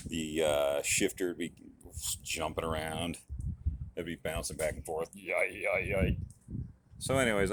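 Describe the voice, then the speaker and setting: A very low-voiced middle-aged man chatting in a folksy, rambling way about fixing his car. He sounds enthusiastic, pausing on fillers as he goes, with a faint hiss of noise behind him. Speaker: car hobbyist vlogger. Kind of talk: casual DIY car vlog.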